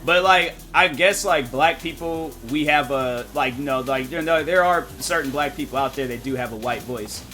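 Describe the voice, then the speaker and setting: A man's voice: mid-range voice, normal speed, few pauses, pushed and bright. A man streaming a game, chatting casually with viewers and rambling as he thinks aloud, often restarting his sentences. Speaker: gaming streamer.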